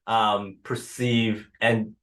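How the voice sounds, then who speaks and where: A man's voice: on the low side, flat delivery, extremely slow, a bit bright. A man hosting an interview show, talking hesitantly, repeating words and ending points with "right?". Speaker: podcast host. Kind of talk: conversational interview.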